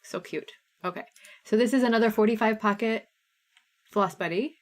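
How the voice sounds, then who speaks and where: A woman's voice: a little high, steady tone, fairly quick, noisy background. A woman in her thirties with a Midwestern American accent, hosting a live craft sale stream in a casual, bubbly way and reading out viewers' names.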